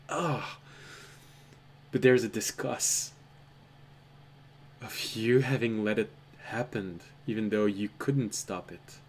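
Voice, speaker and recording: A man narrating a tabletop role-playing game as game master, telling the scene in a measured, dramatic way. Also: lowish voice, darkish tone. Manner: slow, measured, dramatic storytelling.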